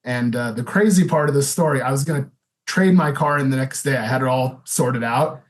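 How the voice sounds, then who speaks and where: A man's voice: mid-range voice, a little fast. A man in his thirties telling his own story as a podcast guest, candid and loose, full of "you know" and "like". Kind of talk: casual interview storytelling.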